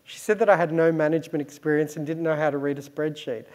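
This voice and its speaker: A middle-aged Australian man telling cheeky, self-deprecating stories to an event audience, laughing at himself and pausing often on "um". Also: on the high side, steady tone, a little mellow. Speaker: gallery director speaking at an arts event. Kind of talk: anecdotal storytelling to an audience. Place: event space with a live audience.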